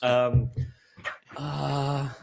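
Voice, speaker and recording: A man's voice: medium pitch, flat delivery, extremely slow, vocal fry, a little mellow. A man co-hosting a casual chat, joking and laughing along. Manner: jokey, laughing.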